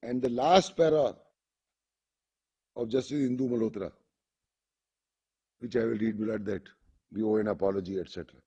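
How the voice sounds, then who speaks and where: Husky-voiced Indian lawyer addressing the bench. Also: male voice, fairly low pitch, normal speed, pauses often, dark tone, lo-fi sound. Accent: Indian English. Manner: formal, addresses the bench as "my lord" constantly; reads passages aloud from a judgment. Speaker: lawyer arguing before a court. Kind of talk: courtroom argument.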